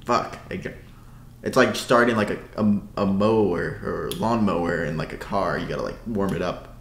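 A man's voice: sits low, normal speed, creaky, echoey room, slight background noise. A man streaming live, reading chat and rambling with crude, swearing jokes. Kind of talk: casual livestream chat.

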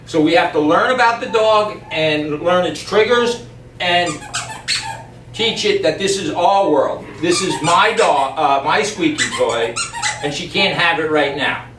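A man training a dog on camera, explaining each step calmly and emphatically and breaking off to speak to the dog. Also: a little high, a little slow. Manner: calm, emphatic, talks to the dog in between. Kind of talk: on-the-spot training demonstration. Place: yard and doorway of a house. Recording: distant, echoey camera audio with background noise.

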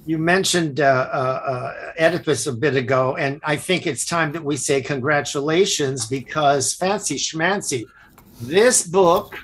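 A man's voice: fairly high pitch, a little slow, a bit bright, husky. A man hosting a casual interview, enthusiastic and responsive to his guest. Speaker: host.

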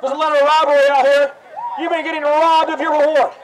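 A man's voice: very high voice, little pitch movement, quick pace. Guy preaching hard outside, repeats himself a lot, super noisy street. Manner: fervent, repetitive, quoting scripture. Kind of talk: open-air preaching. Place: outdoors on an urban street. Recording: loud crowd and street noise. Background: loud crowd and street noise.

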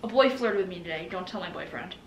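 A woman's voice: lowish voice, animated, quick pace, slight background noise. A young woman vlogging casually at home, scattered and self-mocking. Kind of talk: casual talking to camera. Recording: echoey room with faint ambience.

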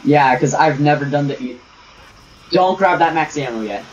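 Animated and fairly high-pitched, this young man talks at a moderate pace while gaming with teammates on stream, joking crudely, bickering and sharing stories in casual party chat. The lo-fi mic sounds distant and dull, with a faint hiss.

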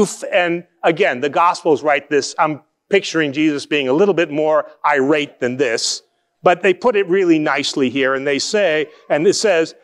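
A male pastor giving a conversational sermon, asking rhetorical questions and shifting between quick asides and slow, emphatic phrases. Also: on the high side.

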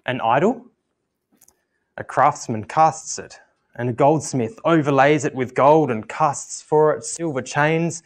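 A man preaching a communion sermon at church and reading scripture aloud in a measured, earnest way. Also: fairly high pitch.

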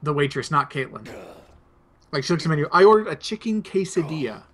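A man's voice: on the high side, lively intonation, quick pace, a bit bright. A young man, host of a two-player gameplay video, casually rambling through a personal anecdote. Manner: rambling anecdote, laid-back. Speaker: let's play host.

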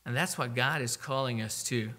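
A man preaching a sermon, emphatic, slowing down to read scripture aloud. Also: medium pitch, pushed and bright.

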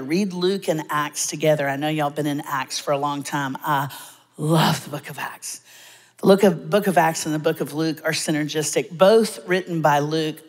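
A woman, preaching a humorous, lively sermon in a church sanctuary with dramatic pauses. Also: sits low. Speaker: guest preacher. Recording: long hall reverb.

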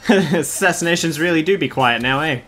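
A man's voice: on the high side, normal speed, a bit bright. A man streaming a video game, joking and sarcastic with the characters, laughing often and swearing in casual commentary.

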